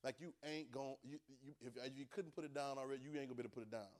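A man's voice: mid-range voice, steady tone, very fast. A man preaching a Bible class sermon, emphatic, repeating phrases and calling on listeners to answer back.

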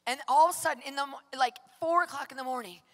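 A woman preacher giving an impassioned, emphatic sermon with personal testimony, often pressing her points to shouted peaks. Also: sits high, fast talker. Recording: long hall reverb.

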